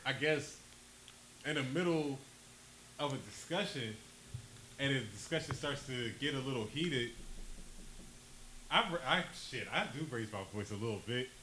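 A man from New Jersey talks in a bright voice that swings widely in pitch. He makes his points with emphasis and swears freely in loose chat. A faint hiss sits under the recording. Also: expressive, measured pace, long pauses, rough recording. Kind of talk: casual chat.

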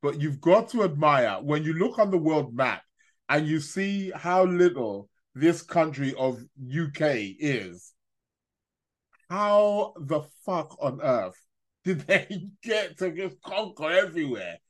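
Hosting a casual astrology live stream, a man with a slightly high, very animated voice speaks at a slow pace. He rambles, stammers through restarts, and chuckles at his own remarks.

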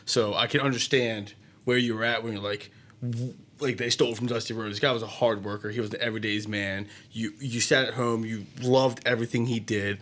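A man's voice: fairly low pitch, fairly even intonation, fairly quick, fairly bright tone. A man on a radio show chatting enthusiastically about wrestling, rambling and restarting his sentences. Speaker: co-host, wrestling fan. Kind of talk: casual chat. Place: radio studio.

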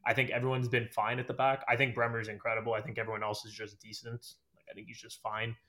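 A man's voice: mid-range voice, little pitch movement, quick pace, pushed and bright. A man chatting casually as a podcast guest, hedging often with fillers and "I think". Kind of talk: casual chat.

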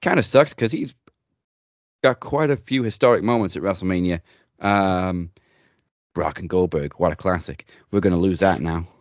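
Deep guy hosting a wrestling chat, blunt, swears, dry sound. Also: moderate pace, dry recording. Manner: blunt, joking, swears freely. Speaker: podcast host.

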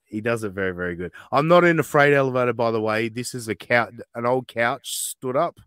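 A man from Australia with an Australian accent, a podcast guest in a casual chat, telling stories quickly and animatedly from his back shed. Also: medium pitch, fairly bright tone, clean tone, no room sound, studio quality.

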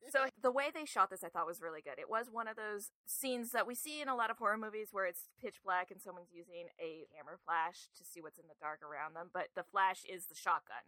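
A woman co-hosting a horror podcast, chatting casually and retelling scenes in an animated way. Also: mid-range voice, a little fast, hardly any pauses, dry recording. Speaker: podcast co-host. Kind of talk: casual chat.

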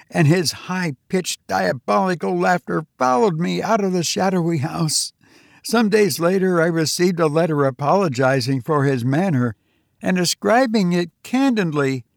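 A man reading a story aloud as an audiobook narrator, in a measured, deliberate manner. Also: high voice, creaky, no echo, studio quality. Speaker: audiobook reader.

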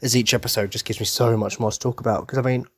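A man's voice: mid-range voice, fairly even intonation, quick pace, breathy edge, no room sound, clean studio sound. A young man hosting a casual solo podcast, chatty and rambling, sounding tired. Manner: rambling, self-interrupting and chatty. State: tired from little sleep. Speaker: podcast host.

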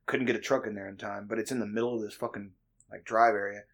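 A man's voice: fairly low pitch, fairly even intonation, quick pace, fairly bright tone. A man hosting a podcast, chatting casually with rambling, profane storytelling. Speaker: podcast host. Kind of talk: casual chat.

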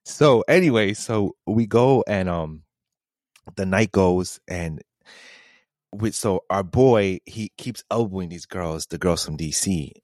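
A man's voice: deep voice, slow pace, darkish tone, dry recording. A man co-hosting a podcast, telling a story in casual chat, laid-back, laughing often and quoting his friends. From New York City. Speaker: podcast co-host.

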